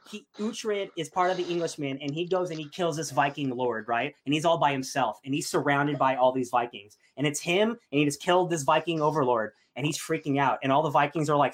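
A young man chatting casually as a podcast host, gushing and excitable with lots of fillers. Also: fairly high pitch. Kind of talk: casual chat.

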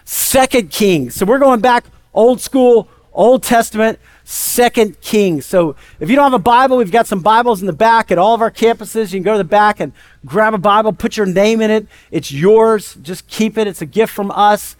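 A male pastor preaching a sermon in a conversational, lively storytelling way. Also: sits high, normal speed.

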